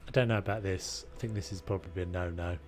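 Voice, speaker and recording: A man's voice: low voice, steady tone, quick pace, soft background music. A young man streaming a renovation game, casually thinking aloud and muttering to himself as he builds, with self-deprecating asides. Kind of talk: casual live-stream commentary.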